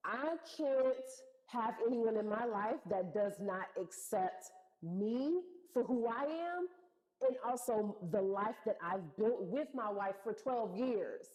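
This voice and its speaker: A woman's voice: fairly high pitch, slow, poor audio. A woman telling a personal story in a casual, slangy way, acting out what people said. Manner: animated, slangy retelling with acted-out quotes.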